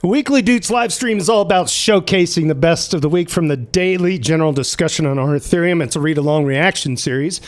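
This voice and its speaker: A man's voice: fairly high pitch, brisk, hardly any pauses, soft background music. A man hosting a casual livestream, upbeat and chatty, running through announcements and names. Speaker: livestream host.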